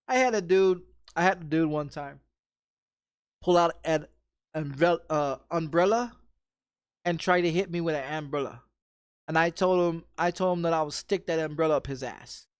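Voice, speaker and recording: A man's voice: a little high, moderate pace, clear, resonant tone, no echo. A man telling a rambling story in casual chat, swearing often and repeating himself with frequent restarts. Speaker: streamer.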